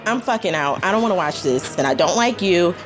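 A young woman tells a story with a lively voice that rises and falls a lot. She acts out each person she quotes. Soft music plays quietly behind her. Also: a little fast. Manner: acts out quotes with big pitch swings and laughter. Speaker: guest telling a story. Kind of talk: animated storytelling.

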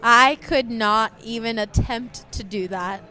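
Young woman cohost, higher voice, giggly, kinda hesitant on the news bits. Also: slow pace, bright, forceful tone. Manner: laughs easily, reads news with hesitations. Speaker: podcast co-host. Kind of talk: casual chat, news rundown.

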